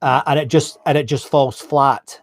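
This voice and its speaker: A man hosts a relaxed interview, his voice recorded close and dry with no room sound. His pitch is middling. He chats loosely and mocks his own failures. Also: normal speed, no echo. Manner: frequent short backchannels, rambling and self-deprecating. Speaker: podcast host. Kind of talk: casual interview chat.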